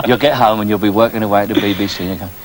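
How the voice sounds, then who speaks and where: A male actor chatting casually on a film set, animated and quick to joke. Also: on the low side, crowd noise, low-quality recording. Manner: animated, jokey, laughs often.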